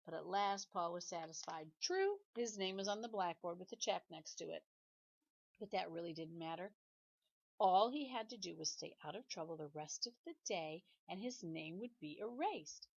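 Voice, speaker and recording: A woman teacher reading a children's chapter book aloud with expressive storytelling. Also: fairly low pitch, moderate pace, vocal fry, lo-fi sound.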